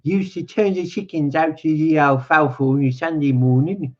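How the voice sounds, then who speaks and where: A man voicing a lonely, needling older male stable hand, drawn out and raised in pitch, on a dull lo-fi recording. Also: fairly even intonation, normal speed, close to an everyday voice. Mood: wistful.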